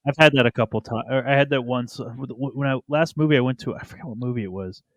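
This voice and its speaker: A man's voice: mid-range voice, quick pace, no room sound. A man chatting bluntly on a podcast, with a mid-range voice and a casual, swear-laden delivery. He is close to the mic in a dry, dead-sounding space. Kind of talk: casual chat.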